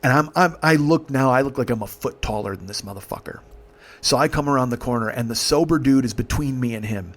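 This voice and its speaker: A man's voice: mid-range voice, a little fast. A man in his forties telling a true story in a comedic podcast monologue, profane, intense and confessional. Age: 40s.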